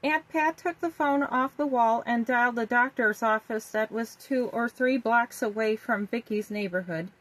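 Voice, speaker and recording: A woman reading a children's story aloud in a gentle, even storytelling manner. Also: a little high, moderate pace, hardly any pauses, rough recording.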